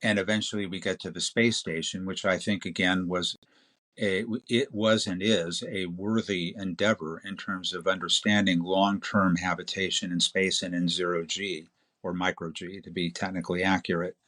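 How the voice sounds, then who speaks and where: A man guest on a podcast interview, explaining in a measured, detailed way. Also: low voice, level tone, sharp tone. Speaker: interview guest, space expert. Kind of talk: conversational explanation.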